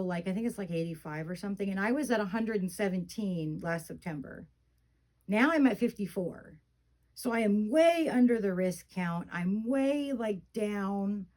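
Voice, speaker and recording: A woman's voice: mid-range voice, darkish tone, low-quality recording. A middle-aged woman chatting casually in a vlog, venting her frustration between fond remarks about her dolls, rambling with lots of fillers. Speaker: reborn doll vlogger. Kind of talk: casual chat.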